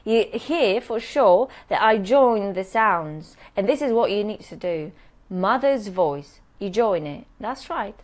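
A woman teaching English pronunciation in a live online workshop, modeling words slowly and checking in with "yes?" after nearly every point. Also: mid-range voice, animated, darkish tone.

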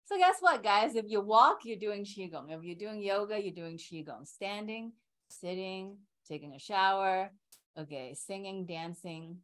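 Slow-paced woman teaching qigong. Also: mid-range voice, a bit bright, low-quality recording. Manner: explains slowly, often checks in with "right?" and "okay". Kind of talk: teaching an online class.

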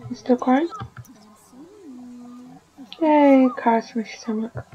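A woman's voice: high voice, unhurried, dull audio. Chatty woman fussing over her game. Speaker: gaming video creator. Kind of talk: casual gameplay commentary.

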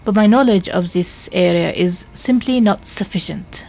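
A woman's voice: mid-range voice, creaky, darkish tone. A woman reading an earnest Victorian doctor. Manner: formal, measured.

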